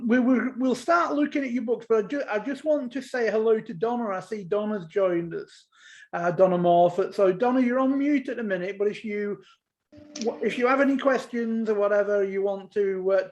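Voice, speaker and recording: A man hosting a book club podcast on a video call, asking friendly, halting questions. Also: high-pitched, darkish tone. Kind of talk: podcast interview.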